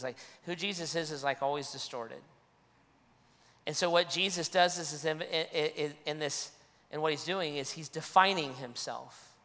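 Guy preaching a sermon, tense bright voice, keeps repeating himself, long hall reverb. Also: on the high side. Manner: earnest preaching with frequent restarts and repeated phrases. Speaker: pastor.

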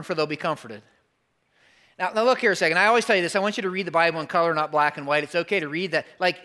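A man's voice: high-pitched, bright, forceful tone. A man preaching a sermon to his congregation in a conversational style, asking rhetorical questions. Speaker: pastor.

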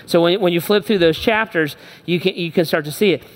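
A man's voice: sits high, brisk. A middle-aged male pastor preaching a sermon, emphatic and repetitive, speaking straight to his listeners. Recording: long hall reverb.

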